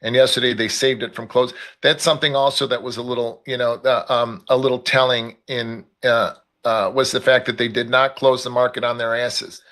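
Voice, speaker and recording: A man from Chicago with a South Side accent hosts a live trading session. He talks in a loose, blunt way and repeats price levels aloud. His voice is bright and forceful, at a middling pitch. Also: flat delivery, brisk. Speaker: trading stream host. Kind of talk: live market commentary.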